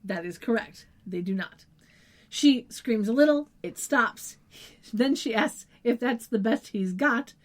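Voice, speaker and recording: Wry, laughing woman with a higher voice. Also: animated, a little slow. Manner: laughing, wry and swearing casually. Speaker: podcast co-host. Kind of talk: casual recap chat.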